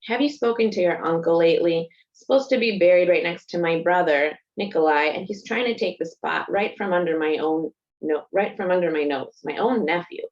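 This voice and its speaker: A woman's voice: on the low side, fairly quick, hardly any pauses, a little mellow, muffled recording, close to an everyday voice. A woman voicing a stubborn, gloomy elderly grandmother who complains reproachfully, in a reading of a novel.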